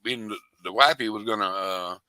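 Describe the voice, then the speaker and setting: Older man, rambling folksy storyteller; low sharp voice, dry close sound. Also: a little fast, no echo. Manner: rambling, folksy and profane, with many restarts. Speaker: interviewee. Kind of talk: casual storytelling.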